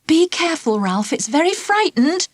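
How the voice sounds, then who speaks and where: A woman reading a storybook, voicing a kind, gently firm female schoolteacher who speaks in a soothing but brisk way. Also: very high voice, sing-song, voice pushed up. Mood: coaxing.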